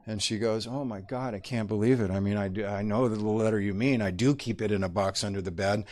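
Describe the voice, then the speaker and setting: A middle-aged man telling a personal story to an audience, halting and reflective, with many pauses and fillers. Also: on the low side, darkish tone.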